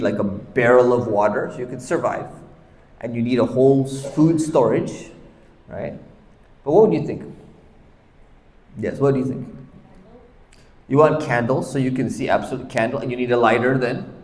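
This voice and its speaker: A man's voice: medium pitch, moderate pace, long pauses, darkish tone. A man teaching a conversational Quran commentary class, often putting questions to his audience. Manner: chatty, keeps asking the audience questions. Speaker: Islamic teacher. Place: large Islamic center hall. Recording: echoey hall with long reverb.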